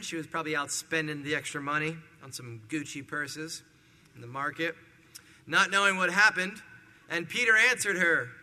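A man preaching a sermon verse by verse, with animated, acted-out retellings of the story. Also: high-pitched. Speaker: pastor. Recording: hall reverb.

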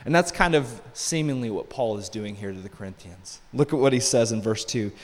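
A man's voice: medium pitch, a little fast, hardly any pauses. A middle-aged man preaches from the pulpit in a conversational, off-the-cuff style. He leans on rhetorical questions and asides. The church hall gives his voice a long, ringing reverb. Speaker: pastor. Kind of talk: sermon. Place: church sanctuary.

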